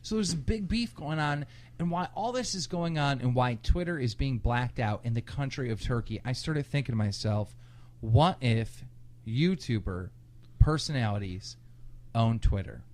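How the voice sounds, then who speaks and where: A man co-hosting a casual podcast, a bit tipsy, loud and laughing, telling stories with crude language. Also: mid-range voice, lively intonation, moderate pace. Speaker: podcast co-host. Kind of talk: casual drunk podcast chat.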